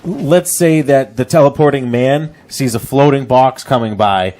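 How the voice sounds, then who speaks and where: A man hosts a loose comedy game show, ribbing his contestants with crude, teasing jokes. His voice sits at an ordinary middle pitch. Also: a little slow, darkish tone. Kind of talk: casual comedic banter.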